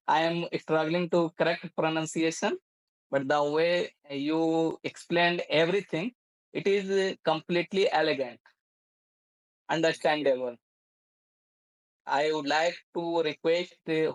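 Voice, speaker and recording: A man's voice: a little high, no echo, poor audio. A man hosting an English-learning interview, politely thanking and praising his guest. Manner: polite, full of praise and brief agreement. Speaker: host of an English-learning channel. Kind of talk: interview conversation.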